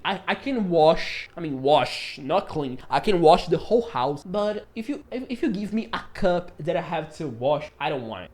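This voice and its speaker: High-voiced rambling young man vlogging. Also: darkish tone. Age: 20s. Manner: rambling, self-mocking and joking; acts out his own quoted lines. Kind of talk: casual confessional monologue.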